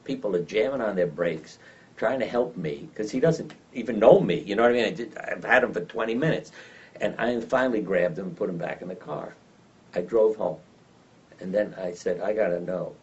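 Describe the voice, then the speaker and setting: Older guy, low voice, telling stories in an interview, kinda muffled and off-mic. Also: moderate pace. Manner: animated anecdotal storyteller, acts out voices in his stories. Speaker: interview guest. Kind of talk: storytelling in an interview. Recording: dull lo-fi sound from some distance.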